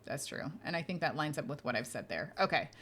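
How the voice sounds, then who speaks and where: A woman with a low, expressive voice speaks fast with a slightly bright tone. Hosting a casual podcast as a medium, she answers listener questions in a chatty, reassuring way, using lots of fillers and laughing lightly.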